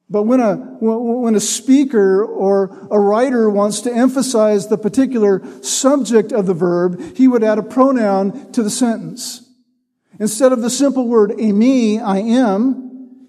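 A man delivers a sermon in a high, mellow voice, taking his time over each phrase. He teaches patiently and stresses key words as he reads scripture. His voice rings out with a long reverb, as in a large hall. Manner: teaching, reads scripture aloud with measured emphasis. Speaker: preacher.

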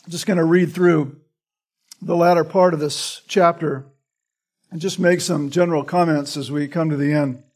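High-voiced man teaching the Bible. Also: steady tone, normal speed, a little mellow. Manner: repeats words while teaching, asks "right?". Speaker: pastor.

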